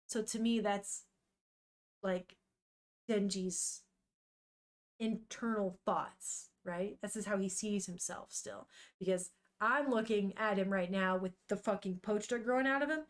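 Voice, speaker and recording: Woman streamer chatting thru a manga, animated, swears a lot, middle pitch. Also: a little slow. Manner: animated, swears freely, thinks aloud. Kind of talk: casual chat.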